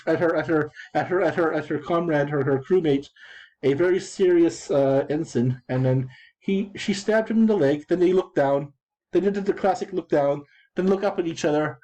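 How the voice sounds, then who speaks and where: A man's voice: fairly high pitch, moderate pace, dark tone, poor audio. A man in his thirties talking casually about his game chat, digressive and full of restarts and repeated words. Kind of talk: rambling casual commentary.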